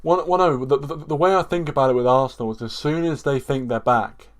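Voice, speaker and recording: A man's voice: mid-range voice, a little fast. A man from England co-hosting a casual football stream, stammering on restarts, calling people mate and repeating his points. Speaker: football podcast co-host. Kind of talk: casual live-stream chat.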